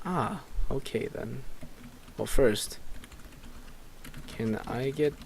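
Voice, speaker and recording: Slow-talking, chuckling let's play guy. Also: medium pitch, gravelly, a little mellow, a little hiss or hum. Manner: laid-back, chuckling, reads out chat. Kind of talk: casual game commentary.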